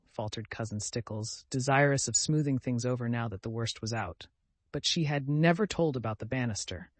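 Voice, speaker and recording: A man reads a novel aloud as an audiobook narrator, speaking fairly quickly in a recording with no echo. In this scripted narration, he raises his pitch and volume whenever he voices the quoted family members.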